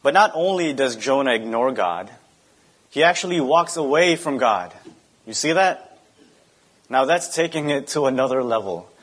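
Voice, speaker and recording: A man's voice: medium pitch, expressive, normal speed, fairly bright tone, slightly rough. A young adult man, a pastor giving a sermon, speaking conversationally with rhetorical questions and asides.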